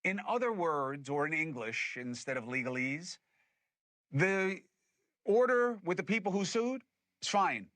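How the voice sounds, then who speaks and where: A man's voice: a little high, lively intonation, a little slow, fairly bright tone, dry recording. A man hosting a political commentary show, arguing his points emphatically and putting things in plain terms. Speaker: host.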